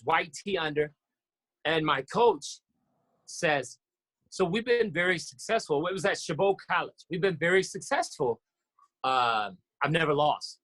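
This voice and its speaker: A man, a basketball coach, telling stories in a casual interview, animated and acting out what others said with sudden jumps in pitch. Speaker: podcast guest, basketball coach.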